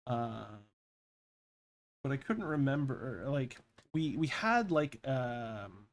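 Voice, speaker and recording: A man in his thirties talks through his pixel art in a loose, rambling way. His voice sits at an everyday middle pitch. He swears freely and chuckles at his own stories. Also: expressive, takes it slowly. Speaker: pixel artist and vlogger. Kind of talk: casual chat while drawing.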